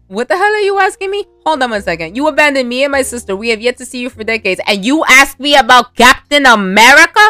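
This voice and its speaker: A woman's voice: high voice, animated, quick pace, hardly any pauses, sharp tone, no echo, soft background music. A woman voicing an exasperated, indignant young female spy while recapping a film.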